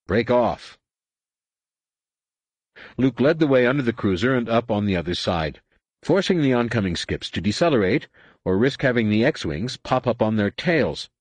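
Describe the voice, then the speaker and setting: A man reading a science-fiction novel aloud as a dramatic, animated audiobook narrator. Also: mid-range voice, normal speed, dry recording. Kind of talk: scripted narration.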